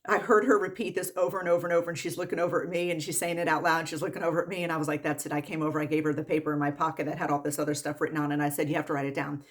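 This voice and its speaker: A woman's voice: low-pitched, flat delivery. Exasperated woman ranting about patients. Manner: exasperated, repetitive, rapid-fire lists. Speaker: medical worker. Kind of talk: ranting vlog monologue.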